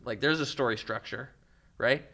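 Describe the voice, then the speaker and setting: A young man, a filmmaker, chatting as a podcast guest, telling animated stories with laughs and acted-out voices. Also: medium pitch, normal speed, creaky. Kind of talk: casual interview chat.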